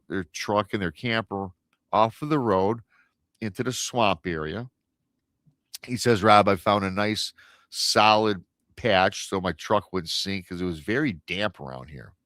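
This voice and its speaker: A man on a paranormal radio show retelling an encounter story in a casual, animated way, acting out the quoted voices and often restarting his sentences. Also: lowish voice, measured pace, dry recording, clean studio sound.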